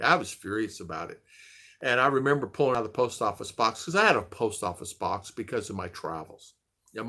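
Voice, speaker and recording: Bright-voiced older man telling stories. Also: medium pitch. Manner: rambling, animated retelling with quoted dialogue. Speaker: host. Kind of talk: casual storytelling livestream chat.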